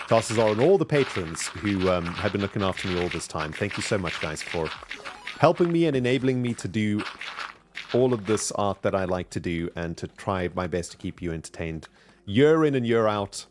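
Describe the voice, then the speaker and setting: A man's voice: lowish voice, animated, moderate pace, background noise. A man chatting casually while streaming a video game, upbeat and thanking his viewers as he plays. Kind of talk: casual live-stream commentary.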